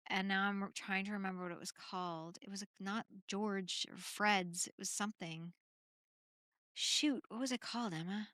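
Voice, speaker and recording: A woman's voice: medium pitch, fairly even intonation, moderate pace, fairly bright tone, no echo, clean studio sound. A woman from Canada hosting a solo podcast, telling rambling, laughing travel stories full of fillers. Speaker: podcast host.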